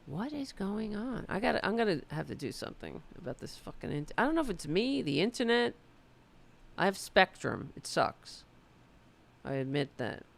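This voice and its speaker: A woman from the United States hosting a political livestream, chatting loosely and swearing, her voice going hoarse. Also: medium pitch, sing-song, moderate pace, a little hiss or hum. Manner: loose, profane, rambling. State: losing her voice. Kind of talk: casual livestream chat.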